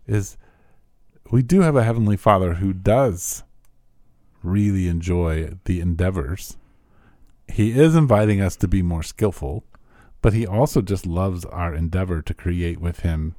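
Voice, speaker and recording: Deep-voiced pastor hosting a chat. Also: male voice, unhurried, no room sound, clean studio sound. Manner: warm, affirming interviewer with short replies. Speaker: pastor and podcast host. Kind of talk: casual podcast interview.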